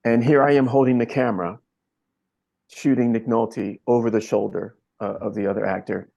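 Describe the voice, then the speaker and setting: A man from Philadelphia talks as an interview guest, recounting a story with earnest reflection. His voice sits fairly low, with a husky, raspy edge. He takes his time and often stops to gather his thoughts. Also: steady tone, moderate pace, mellow, dull audio. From Philadelphia, USA. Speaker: camera operator guest.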